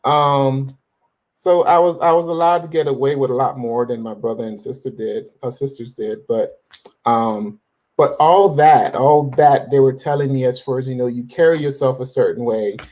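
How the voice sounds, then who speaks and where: Mid-range and a little mellow, this man's voice moves at a moderate pace. He's in his forties, an interview guest sharing his faith story casually and with assured conviction, full of restarts and fillers.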